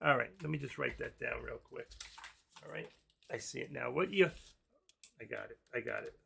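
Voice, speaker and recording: A man's voice: mid-range voice, expressive, normal speed, creaky, sharp tone, a little hiss or hum. A man hosting a live stream, chatting casually in a rambling, jokey and brash way.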